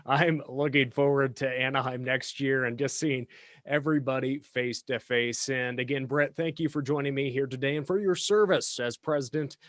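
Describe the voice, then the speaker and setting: A man's voice: mid-range voice, fairly even intonation, normal speed, a bit bright, dry recording, studio quality. A man hosting an event welcome video, reading announcements in an upbeat, promotional way. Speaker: podcast host.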